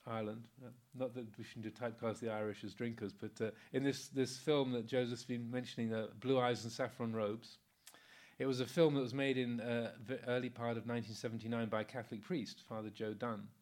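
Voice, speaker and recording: Chuckling often and leaning on plenty of fillers, this sixty-something monk shares an easygoing, story-filled Dharma talk. He has a mid-range voice and a brisk delivery.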